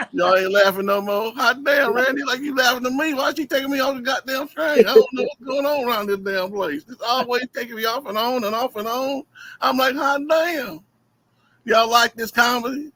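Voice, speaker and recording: A man doing profane, animated stand-up storytelling on a video call, laughing often. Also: very high voice, brisk, poor audio. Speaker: comedian.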